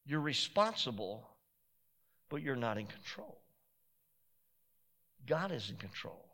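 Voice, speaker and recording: A pastor preaching a sermon in an emphatic, repetitive way that builds to shouted peaks. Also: male voice, mid-range voice, big pitch swings, takes it slowly.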